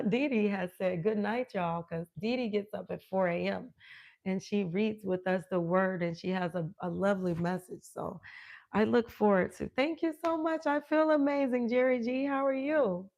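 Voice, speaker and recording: An older woman and fitness coach chatting casually with viewers on a live stream, animated, laughing often and greeting people by name. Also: mid-range voice, normal speed. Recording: dull lo-fi stream audio.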